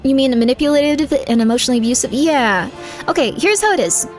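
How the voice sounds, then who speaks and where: A woman's voice: high voice, animated, quick pace, soft background music. A woman streamer chatting casually with viewers, giving rambling, candid advice full of fillers while reacting to chat.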